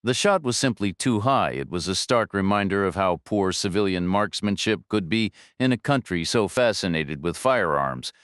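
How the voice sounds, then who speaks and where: A man narrating a thriller audiobook in a steady, measured storytelling voice on a close studio mic. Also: low-pitched, clean tone, dry recording. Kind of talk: scripted narration.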